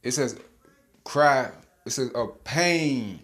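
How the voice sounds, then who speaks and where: Male bible teacher, informal video sermon, emphatic and slangy, average pitch. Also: animated, slow, fairly bright tone. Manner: emphatic, slangy, chuckling, repeats words.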